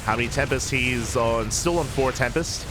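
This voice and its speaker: A man casting a live strategy game match, calm in his play-by-play and bursting with excitement when the fights break out. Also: mid-range voice, moderate pace, music in the background. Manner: excitable, rising sharply in big moments. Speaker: esports caster.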